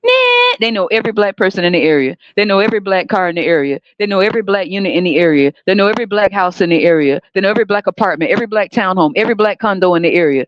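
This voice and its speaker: A woman's voice: medium pitch, rapid-fire, few pauses, dry recording. Woman host, blunt and sarcastic, swearing through a heated rant; dull, dry recording. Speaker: podcast host. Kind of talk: profane ranting monologue.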